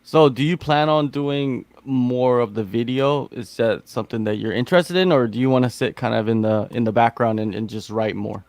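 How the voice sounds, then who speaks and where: A man's voice: medium pitch, moderate pace, few pauses, a little mellow, dry recording. American guy hosting a podcast, rambly and easygoing, dry close sound. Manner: laid-back, rambling questions with many fillers. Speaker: podcast host. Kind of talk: casual chat.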